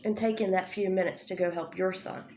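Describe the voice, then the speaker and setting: A woman's voice: medium pitch, fairly even intonation, fairly quick, a little mellow, a little hiss or hum. A woman giving an angry commentary rant, firing off confrontational rhetorical questions and swearing often. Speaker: drama commentary youtuber. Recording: echoey room.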